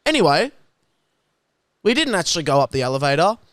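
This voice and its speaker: A young Australian man co-hosting a podcast, telling stories in an animated way and doing voices. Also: fairly high pitch, brisk, dry recording, studio quality. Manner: animated storyteller, does voices. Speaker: podcast co-host. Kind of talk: casual chat.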